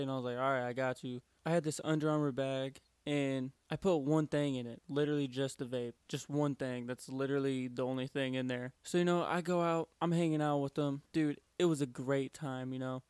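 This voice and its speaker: A man's voice: mid-range voice, steady tone, fairly quick, few pauses, darkish tone, clean tone, dry recording, clean studio sound. A young man casually telling a story to camera, full of slang, swearing and fillers like "like" and "dude". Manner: slangy, profane, keeps saying like and dude. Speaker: vlogger.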